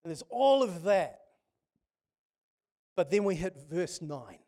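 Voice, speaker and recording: A man's voice: sits high, big pitch swings, takes it slowly, dark tone. A man preaching a sermon, telling stories with passion and frequent restarts. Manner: impassioned, storytelling with many restarts.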